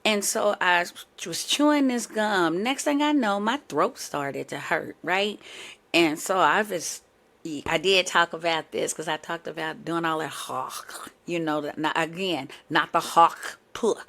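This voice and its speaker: A woman's voice: lowish voice, a little slow, creaky, fairly bright tone. A woman hosting a podcast, telling a casual story full of asides and self-corrections. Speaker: podcast host. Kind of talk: casual chat.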